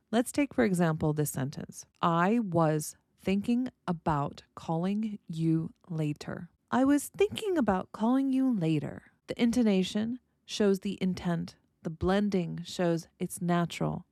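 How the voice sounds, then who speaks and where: A woman's voice: on the low side, a little mellow, no echo, clean studio sound. An American woman hosting a solo podcast lesson, explaining points and illustrating them with spoken examples. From United States. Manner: explanatory, demonstrates with vocal examples. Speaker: podcast host and language teacher.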